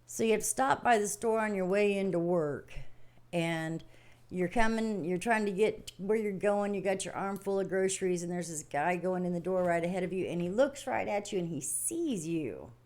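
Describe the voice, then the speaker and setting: A woman's voice: on the low side, moderate pace, darkish tone. A middle-aged woman hosting a livestream, giving a casual, folksy spiritual talk that rambles and repeats itself, with frequent laughs. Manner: rambling, repetitive, laughs often; plain-spoken, folksy. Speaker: livestream host.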